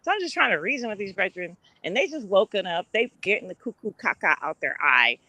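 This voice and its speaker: A woman hosts a casual live stream. Her voice is bright and forward, recorded close and dry. She tells stories with animation, acting out the voices of the people she quotes. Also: mid-range voice, sing-song, fairly quick, dry recording, poor audio. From Brooklyn, New York. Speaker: host.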